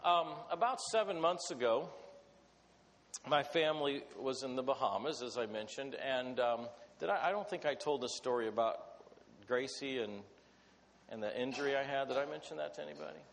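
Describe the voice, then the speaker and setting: A middle-aged man preaching a sermon, telling a personal story in an animated way. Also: mid-range voice, moderate pace, gravelly. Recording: long hall reverb.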